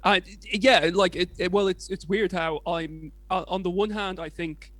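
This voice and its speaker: A man's voice: sits high, steady tone, normal speed, a bit bright, dry recording. English male co-host, young, rambling and sweary, dry close sound. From England. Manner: rambling, hesitant, swears casually. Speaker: podcast co-host. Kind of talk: casual chat.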